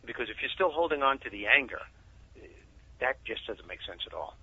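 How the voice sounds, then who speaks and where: A man, a guest author, telling animated stories in a casual interview over a muffled phone line. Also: medium pitch, brisk, husky. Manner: animated storyteller.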